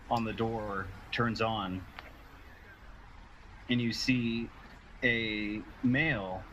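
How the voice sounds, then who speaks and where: A man's voice: on the low side, a bit bright, muffled recording, a little hiss or hum. A man narrating as game master over an online call, patiently explaining rulings to players.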